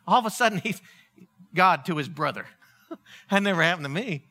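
Male pastor, high lively voice, comic animated sermon delivery. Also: quick pace. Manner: animated, joking storytelling. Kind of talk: humorous sermon.

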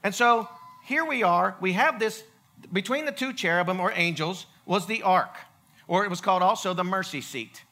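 A male preacher giving a humorous storytelling sermon, animated and joking, often stumbling and restarting his sentences. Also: high-pitched, moderate pace.

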